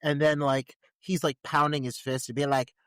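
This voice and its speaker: A man's voice: on the high side, moderate pace, clean tone, no room sound. A man co-hosting a podcast, recapping a film in casual chat with lots of swearing and laughter. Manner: animated, profane, laughing recaps. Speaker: podcast co-host.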